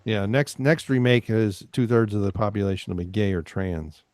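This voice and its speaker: A man's voice: lowish voice, moderate pace, darkish tone, no room sound. A man rambling through crude jokes as a panelist in a casual podcast chat.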